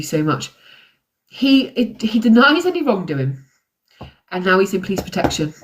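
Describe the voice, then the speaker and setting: A woman's voice: on the high side, a little hiss or hum. A woman hosting a true crime livestream, talking in an angry, ranting way. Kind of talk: live-stream commentary.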